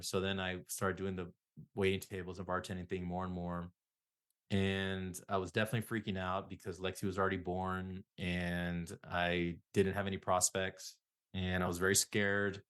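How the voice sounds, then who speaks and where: A man's voice: sits low, level tone, normal speed, a bit bright. A middle-aged man, a psychotherapist guest, telling rambling self-deprecating stories in a casual interview.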